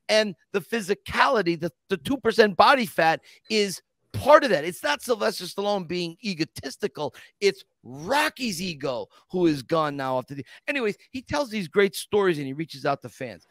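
A man with a high, bright-pitched voice hosts a casual podcast, spinning stories with eager emphasis. The sound is close and dry, with no room around it. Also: moderate pace, no room sound. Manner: animated storyteller, eager and emphatic. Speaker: podcast host.

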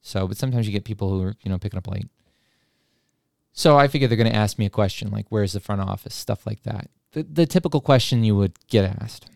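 A man telling a story in a relaxed, casual way and chuckling now and then at his own tale. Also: fairly low pitch, fast talker, creaky, no echo, clean studio sound.

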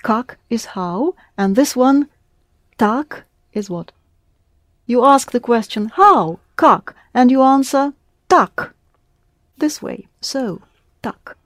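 A woman's voice: on the high side, expressive, takes it slowly, long pauses, no echo, clean studio sound. A woman teaching a language class, patiently prompting her students with questions. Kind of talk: classroom lesson.

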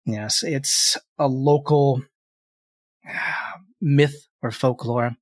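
A man narrating as game master of a tabletop game, telling the story in a relaxed way, with frequent fillers. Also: mid-range voice, extremely slow, no echo.

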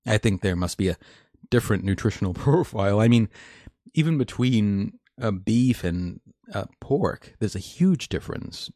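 A man's voice: fairly low pitch, lively intonation, normal speed, warm tone, dry recording, clean studio sound. A man hosting a live stream, reading news articles and commenting in a chatty, opinionated way with many fillers and restarts. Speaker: host.

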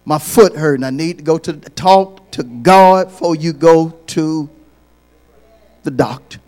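Black church preacher vibe no wait, just a man preaching slow and steady, bit higher voice, climbs into shouting bursts. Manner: repetitive, builds to loud shouted peaks. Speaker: pastor. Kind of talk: sermon.

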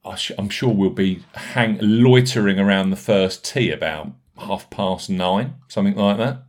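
A man hosting a casual podcast, brisk and jokey, reading out notes and listener reviews between banter. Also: low voice. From United Kingdom. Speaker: podcast host.

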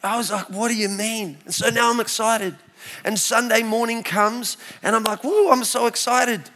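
A man in his forties with an Australian accent gives a church testimony, his voice sitting a little higher than most men's. He tells the story with lively energy and quick asides to the crowd. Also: a little hiss or hum. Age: 40s. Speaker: speaker sharing his testimony.

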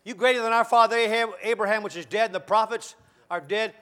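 A man preaching a sermon, swinging from quiet talk to loud shouting and acting out the voices of the figures he quotes. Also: extremely high pitch, fast. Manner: dramatic, swinging from soft to shouting; acts out quoted voices of God and Moses.

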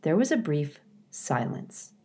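A woman teacher reading a storybook aloud to her class in a calm, clear, measured way. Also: low-pitched.

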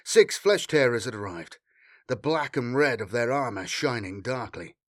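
A man narrating an action story with dramatic, expressive delivery. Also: mid-range voice, moderate pace, dry recording, studio quality. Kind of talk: audiobook narration.

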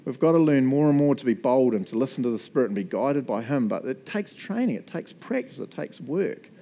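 Lively, mellow-voiced male pastor. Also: medium pitch, brisk, a little hiss or hum. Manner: casual, chatty, laughs often. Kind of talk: sermon.

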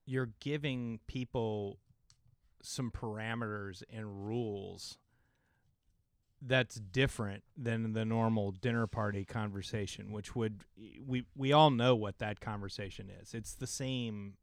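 A man's voice: on the low side, fairly even intonation, unhurried, no room sound, studio quality. A man hosting a podcast, chatting casually and encouraging his guest. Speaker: podcast host. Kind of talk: casual conversation.

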